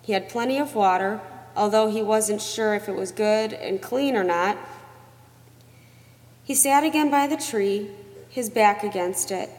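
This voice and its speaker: A woman reading a novel aloud as narrator, in a measured, expressive storytelling manner. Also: medium pitch. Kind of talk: audiobook narration. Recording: long reverb.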